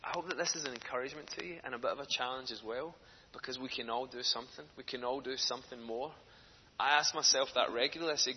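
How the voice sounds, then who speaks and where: A man's voice: mid-range voice, fast. A man preaching a sermon, telling stories earnestly and building to passionate emphasis. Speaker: speaker for a children's charity preaching in church. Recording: echoey hall, dull lo-fi sound, faint noise.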